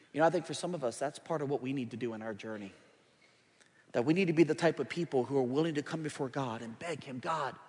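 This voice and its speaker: A man preaching a sermon as pastor in a large church, dropping to hushed pleading and rising to loud, urgent appeals. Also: on the high side. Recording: long hall reverb.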